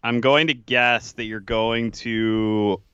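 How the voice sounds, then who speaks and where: A man's voice: medium pitch, fairly even intonation, pushed and bright, clear, resonant tone, no echo, muffled recording. A man co-hosting a sports podcast, casual and self-mocking. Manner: laughing, self-mocking, quick mimicry. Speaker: podcast co-host.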